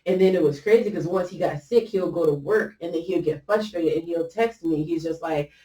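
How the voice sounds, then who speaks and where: A woman's voice: lowish voice, a little fast, warm tone. Rambling woman telling a story in an echoey room. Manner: rambling, full of fillers and restarts, quotes others often. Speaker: podcast host. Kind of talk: casual storytelling to a listener. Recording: roomy echo, mic at a distance.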